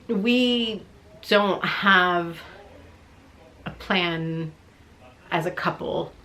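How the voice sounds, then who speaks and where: A young woman with a slightly low voice tells a personal story straight to the camera. She talks in a chatty, animated way, laughing often and acting out both sides of a conversation. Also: extremely slow. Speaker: vlogger answering viewer questions.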